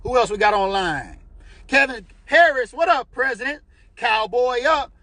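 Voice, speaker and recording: A middle-aged American man hosting a casual live stream for his fan group, talking in a chatty, animated way and often asking "you know what I'm saying". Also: extremely high pitch, measured pace, no room sound. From United States. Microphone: computer or phone mic on a live stream.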